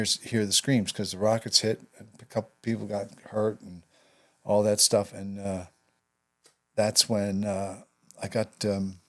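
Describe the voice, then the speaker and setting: Older man, low voice, halting reflective storytelling. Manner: halting, reflective, trailing off into quiet asides. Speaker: guest, veteran actor and writer. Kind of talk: personal storytelling in an interview.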